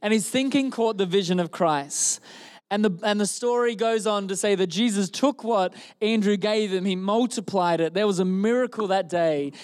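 A man preaching a sermon in church, an animated storyteller who jokes with the congregation. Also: high-pitched, moderate pace, clean tone.

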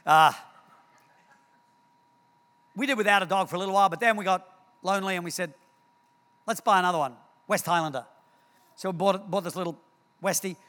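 A man preaches and tells stories, acting out scenes and repeating words as he goes. His voice sits high and sounds bright and crisp. The long reverb of a church hall trails after each phrase. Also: a little fast, long pauses. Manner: animated storytelling, repeats words, acts out scenes. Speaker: pastor. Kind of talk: sermon.

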